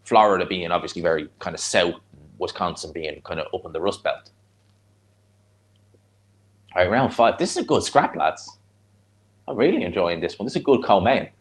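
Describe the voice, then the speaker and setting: A man with a Dublin Irish accent talks in a slightly low voice as he reacts live to a boxing fight. He chats bluntly with his viewers in between, rambling from one point to the next in a relaxed, conversational way. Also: moderate pace, pauses often. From Ireland. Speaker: streamer hosting a live watch-along. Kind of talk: casual live fight commentary and chat.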